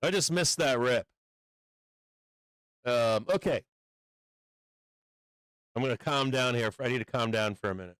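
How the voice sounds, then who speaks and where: A man hosting a live stock trading stream, talking through charts and swearing loudly when a trade turns against him. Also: mid-range voice, a little slow, long pauses, clear, resonant tone, no echo. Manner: profane, swings from calm chart talk to furious outbursts. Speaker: livestream trading host. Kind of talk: live market stream commentary.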